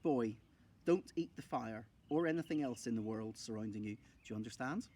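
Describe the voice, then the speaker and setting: A man reading aloud and voicing a gruff male explorer who gives short, firm orders. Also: medium pitch, normal speed, mellow. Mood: commanding. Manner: terse, giving orders.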